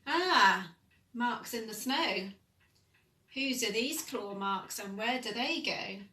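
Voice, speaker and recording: A woman voicing a curious, brave young female monster child with an eager, high voice, in an echoey room. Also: expressive, slow pace, pushed and bright, full character voice. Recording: echoey room, mic at a distance.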